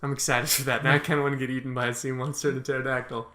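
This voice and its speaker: A man's voice: mid-range voice, flat delivery, racing, pushed and bright. A man co-hosting a movie podcast, joking around in casual chat. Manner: jokey, laughs often. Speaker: podcast co-host.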